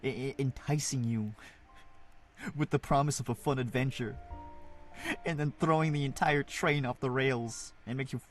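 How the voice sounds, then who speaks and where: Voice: medium pitch, steady tone, moderate pace, long pauses, soft background music. A streamer reading a fantasy game story aloud live, reacting with frequent laughter and emotion.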